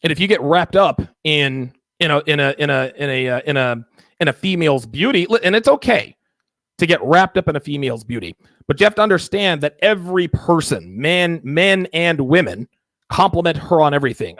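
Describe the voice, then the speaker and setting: Host, male, gravelly and slightly high-pitched voice, emphatic and repetitive, dry close recording. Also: expressive, fairly quick, a bit bright, dry recording. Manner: emphatic, repetitive, acts out mock dialogues. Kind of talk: call-in dating advice show.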